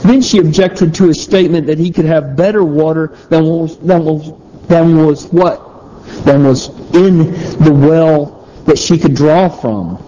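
A man with a slightly high voice and dark tone preaches a sermon, teaching conversationally through a Bible passage. He pauses and restarts phrases as he thinks aloud, and the recording is muffled.

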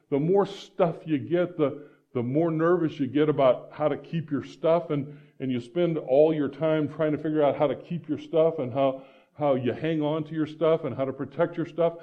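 A man's voice: on the high side, muffled recording. A man from Iowa preaching a conversational sermon as pastor, with frequent restarts and "right?" asides. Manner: conversational, many restarts and tag questions.

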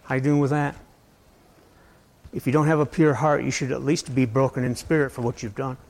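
A man preaching a sermon in a conversational, rambling way, asking his listeners question after question and swinging between loud and soft. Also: mid-range voice, fairly even intonation, brisk. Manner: conversational, asks the audience many questions. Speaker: pastor.

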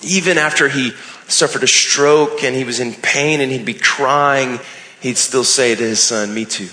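A man preaching in an echoing church sanctuary, his bright, ringing voice carried on a long reverb. He speaks earnestly and builds repeated phrases to emphatic peaks. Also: medium pitch, unhurried. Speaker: pastor. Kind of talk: sermon. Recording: echoey hall with long reverb.

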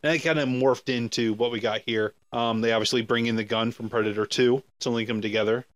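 A man's voice: mid-range voice, fairly even intonation, a little fast, no room sound. A man co-hosting a podcast, talking casually about a film in a rambling, jokey way full of fillers and restarts. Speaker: podcast co-host. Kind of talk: casual movie discussion.

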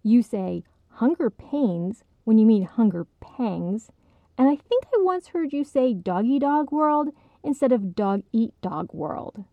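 A woman voicing a patient young woman who gently corrects her friend with amusement. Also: a little high, sing-song, slow, no room sound, narrow, tinny audio, pitched above the performer's own voice, full character voice. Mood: correcting.

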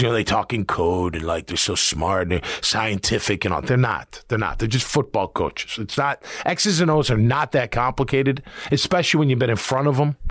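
A man's voice: medium pitch, fairly bright tone, no echo, studio quality. A middle-aged man, a former player hosting a sports talk show, giving blunt, emphatic opinions.

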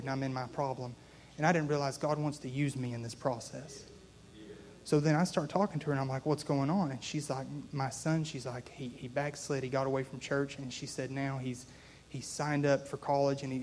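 A man's voice: mid-range voice, a little mellow, a little hiss or hum. A young man preaching a sermon, telling a personal story in an earnest, conversational way and building to a call to his listeners.

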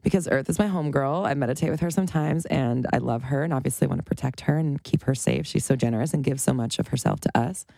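A woman's voice: very deep voice, fast talker, vocal fry, hardly any pauses, warm tone, no room sound, studio quality. A woman around forty gives an unscripted motivational monologue as a life coach, emphatic and profane, often breaking into laughter.

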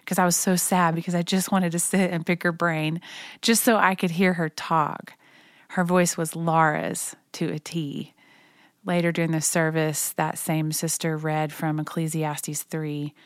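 Low-voiced woman telling a personal story. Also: clean tone, dry recording, studio quality. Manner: quiet, reverent, gentle reflective delivery. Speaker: narrator reading her own memoir.

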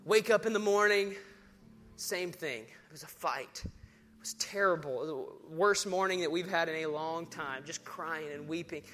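A man preaching a sermon, swinging between hushed storytelling and rousing declarations. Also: a little high, moderate pace, faint music behind. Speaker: pastor.

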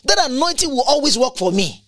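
A preacher delivering a sermon, emphatic and repetitive, with big leaps up and down in pitch and bursts of tongues. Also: big pitch swings, brisk, a bit bright, no room sound, studio quality.

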